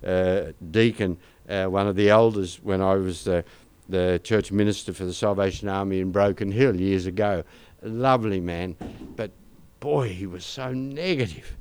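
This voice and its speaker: Older Australian man preaching, smooth voice. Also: on the low side, a little mellow. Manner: conversational, anecdotal preaching with asides to the congregation. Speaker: pastor. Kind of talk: sermon.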